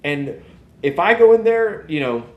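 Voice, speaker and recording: A man, hosting a casual live podcast and rambling in an animated way. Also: a little high, a little slow, reverberant, phone-quality sound. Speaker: podcast host. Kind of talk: casual live-stream chat.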